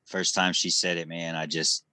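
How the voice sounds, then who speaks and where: A man in casual podcast chat, earnest and relaxed, laughing often. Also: low-pitched, normal speed, smooth, no echo.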